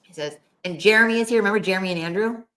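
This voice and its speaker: A woman's voice: mid-range voice, very fast, a bit bright. A middle-aged woman co-hosting a casual chat, talking in a rambling way full of fillers while relaying what spirits tell her. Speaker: co-host, psychic medium. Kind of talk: casual chat, channeling messages.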